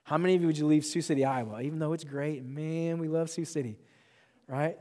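A young man preaching a sermon, animated and joking, with self-mocking asides. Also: on the high side, a little fast, big-room sound. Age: young adult. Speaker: pastor.

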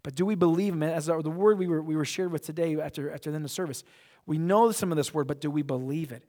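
A middle-aged male pastor preaches a sermon, swinging between loud declarations and hushed, almost whispered lines. His voice is on the high side and he speaks fast.

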